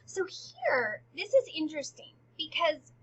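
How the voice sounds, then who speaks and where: A woman teaching a play in a chatty, informal way, often dropping into quiet, half-whispered asides. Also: high-pitched, very animated, measured pace, poor audio. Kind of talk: casual lesson.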